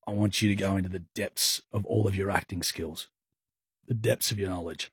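Teasing husky-voiced radio host man. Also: deep voice, fairly even intonation, normal speed, no room sound. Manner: teasing, playful, laughs often. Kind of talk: casual radio banter.

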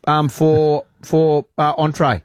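A man's voice: on the high side, little pitch movement, takes it slowly, no echo. An Australian man co-hosting a radio show, bantering and defensively protesting while talking over the others. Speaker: radio host.

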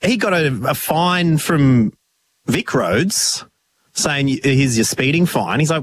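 A man's voice: a little high, lively intonation, normal speed. Australian man telling stories with mock outrage. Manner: storytelling, mock outrage, acts out quotes. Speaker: radio co-host. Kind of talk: casual banter.

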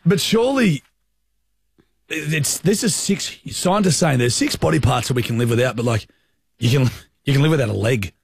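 A man's voice: mid-range voice, expressive, normal speed, vocal fry, slightly rough. An Australian man in his thirties co-hosting a radio show, joking around in casual, blokey banter from a studio mic. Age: 30s. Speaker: radio co-host.

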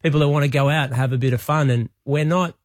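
A man's voice: a little high, dry recording. Australian man, dry close sound. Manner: brisk, policy-focused, with restarts. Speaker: state politician guest. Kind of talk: casual radio interview.

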